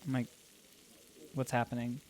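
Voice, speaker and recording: A man's voice: mid-range voice, monotone, normal speed, darkish tone, a little hiss or hum. A man commenting casually on a game as he plays, emotional and chatty, talking to himself. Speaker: gaming YouTuber. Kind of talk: let's play commentary.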